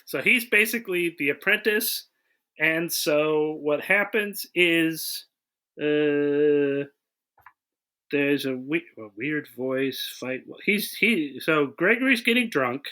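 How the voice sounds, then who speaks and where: A man's voice: on the high side, expressive, takes it slowly, bright, forceful tone. A man co-hosting a casual movie review podcast, rambling through the plot with frequent restarts. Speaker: podcast co-host.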